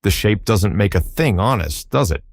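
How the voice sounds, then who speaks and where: A man's voice: on the low side, expressive, normal speed, no echo, studio quality. A man doing a cheeky patchwork girl. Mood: playful. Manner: playful, gleeful.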